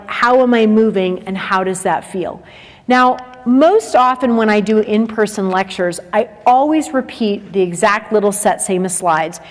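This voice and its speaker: A woman's voice: fairly high pitch, unhurried. A woman presenting at a teacher training day, speaking conversationally and acting out examples. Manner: lively, conversational, acts out examples. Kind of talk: lecture to teachers. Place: large lecture hall with a livestream. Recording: long reverb of a lecture hall.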